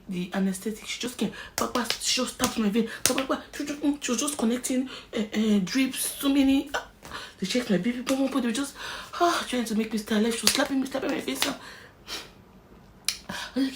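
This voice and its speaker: A woman's voice: mid-range voice, a little fast, a little hiss or hum, rough recording. A young Nigerian woman vlogger vividly telling a personal story and acting out its scenes. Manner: animated, vivid storyteller who acts out scenes. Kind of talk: emotional story-time narration.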